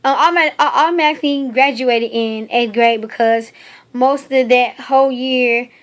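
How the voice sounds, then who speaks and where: A young woman from North Carolina, speaking in a halting, heartfelt personal video diary full of fillers. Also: high-pitched. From North Carolina, United States. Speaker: video diarist.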